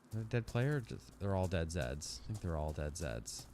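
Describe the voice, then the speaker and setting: A man from Canada chatting casually with his livestream chat while playing a survival game, dropping to a quiet murmur when sneaking. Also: low voice, sing-song, normal speed, slight background noise. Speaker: streamer.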